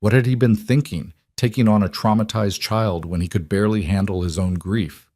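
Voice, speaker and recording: Low, dry-voiced male storyteller. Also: no echo. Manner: calm, measured storytelling. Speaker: narrator. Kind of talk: scripted audiobook narration.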